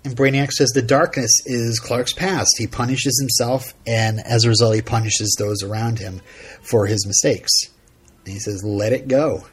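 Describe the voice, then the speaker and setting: A man co-hosting a podcast, casually recapping a TV episode in a rambling, halting way full of fillers. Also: medium pitch, steady tone, slightly rough. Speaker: podcast co-host.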